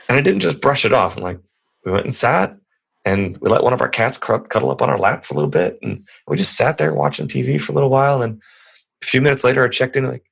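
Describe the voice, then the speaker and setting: A man's voice: medium pitch, expressive, fairly quick, vocal fry, husky. A man in his thirties, a podcast guest, telling stories in a rambling, earnest, casual way. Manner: rambling, earnest, lots of restarts. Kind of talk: casual conversational storytelling.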